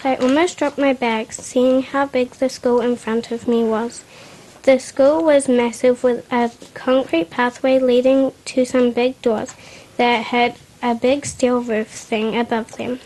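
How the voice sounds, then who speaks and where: A woman's voice: a little high, a little mellow. Woman reading her story with slips. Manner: unpolished reading with restarts and slips.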